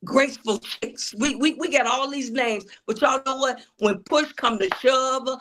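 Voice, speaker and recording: A woman's voice: sits high, unhurried, noisy background. Woman preaching her testimony. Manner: preachy, addresses audience as y'all. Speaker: author and preacher. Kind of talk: testimony-style interview talk.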